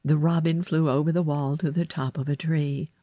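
A woman narrating a children's story aloud in a slow, expressive storytelling manner. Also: low voice, dry recording, highs cut off.

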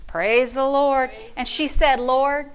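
A woman pastor preaching a fervent sermon, with call-and-response and sudden loud shouts of praise. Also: high-pitched, steady tone, takes it slowly, smooth.

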